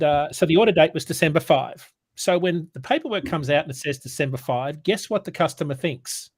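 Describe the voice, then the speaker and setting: During casual chat on a sales morning show, this fairly high-voiced man launches into a long, animated story, performing the dialogue and frequently tripping up and starting over. The recording is dry and close.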